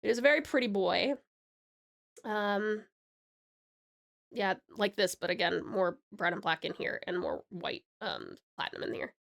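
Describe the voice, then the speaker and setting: A woman's voice: medium pitch, very animated, measured pace, vocal fry, pauses often, a bit bright. A woman from Tasmania, chatting bubbly and laughing with her viewers while streaming a game. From Tasmania, Australia. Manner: bubbly, laughs often, talks to chat. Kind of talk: casual live-stream chat while gaming. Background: faint game music.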